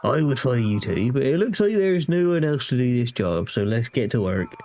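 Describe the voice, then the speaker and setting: A man's voice: medium pitch, sing-song, fairly quick, a little mellow. A man doing a brusque harbour boss. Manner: brusque, dismissive. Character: gruff male harbour chief giving orders.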